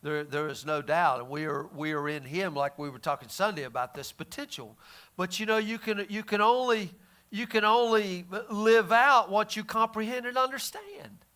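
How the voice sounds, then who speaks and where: A male pastor gives a conversational Bible teaching in a folksy, plainspoken way. His voice sits high and sounds bright and forceful. He often stammers and restarts his sentences as he thinks aloud. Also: moderate pace.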